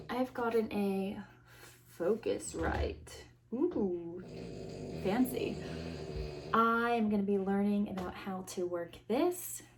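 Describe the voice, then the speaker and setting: A woman's voice: medium pitch, background noise. A young woman hosting her own podcast, rambling in a casual chatty way with dry, self-mocking sarcasm, recorded on a phone. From United States. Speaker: podcast host. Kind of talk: casual solo chat. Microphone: iPhone.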